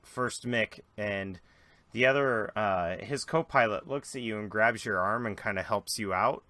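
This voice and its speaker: A man narrating as game master, dramatic and lively, jumping into voices for characters. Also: lowish voice, a little slow, no room sound.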